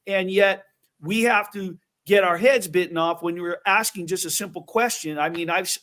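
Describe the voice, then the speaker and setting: A man hosting an interview, telling stories in an animated way with quick asides. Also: high voice. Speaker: host. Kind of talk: casual interview chat.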